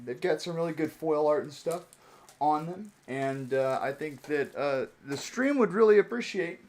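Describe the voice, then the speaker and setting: A man's voice: a little high, darkish tone. Chatty, rambling young man opening cards. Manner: rambling, chatty, many fillers and chuckles. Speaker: card-opening streamer. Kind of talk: casual pack-opening commentary.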